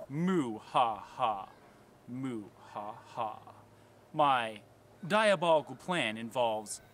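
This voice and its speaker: A man voicing a scheming, gleeful glove villain in a homemade puppet skit, drawing out slow, gloating lines. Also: medium pitch, fairly bright tone, a little hiss or hum.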